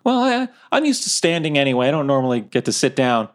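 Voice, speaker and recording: A man's voice: mid-range voice, sing-song, fast, natural voice. A man voicing an eager, earnest young fantasy son who wants to help.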